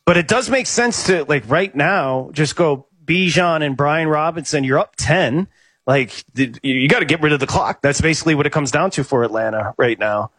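A man's voice: on the high side, expressive, a bit bright, husky, dry recording. A man co-hosting a live sports betting show, rattling off game stats and chatting about the play. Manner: rapid stat-heavy game updates.

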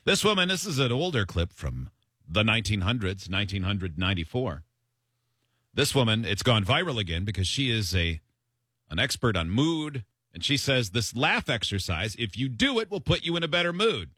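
A man hosting a radio show, chatting casually and telling stories with quick jokes. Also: lowish voice, slightly rough, no room sound, clean studio sound. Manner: quick, joking, animated storyteller. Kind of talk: casual banter on air.

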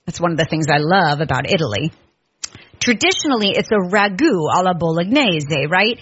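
A woman's voice: fairly low pitch, expressive, brisk, a bit bright. Food show host, a woman with a slightly muffled sound and a faint hiss, chatty and enthusiastic. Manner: enthusiastic, descriptive, savoring words. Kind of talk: casual chatty monologue. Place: Southern California.

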